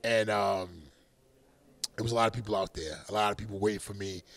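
A middle-aged man, a boxer, telling animated stories in a casual interview, laughing often and bursting into loud shouts. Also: lowish voice, a little fast, vocal fry.

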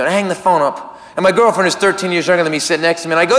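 A middle-aged man performing a stand-up comedy routine, telling a story in an animated way and breaking into high shouted voices, recorded live on stage. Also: rapid-fire, slight background noise. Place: theater stage. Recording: live stage mic in a reverberant hall. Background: audience ambience.

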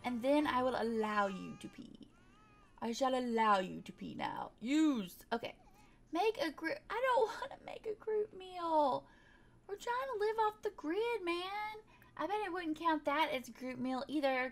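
A woman's voice: high voice, expressive, normal speed. A woman giving casual, chatty commentary while playing a life-sim game, often exasperated and talking back to the game. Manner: chatty, exasperated, talks to the game and her pets. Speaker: gaming YouTuber.

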